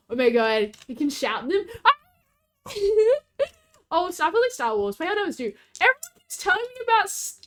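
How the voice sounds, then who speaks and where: A woman's voice: fairly high pitch, fairly bright tone. A woman streamer, chatting casually and bubbly with her chat. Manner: bubbly, giggly, talks to chat.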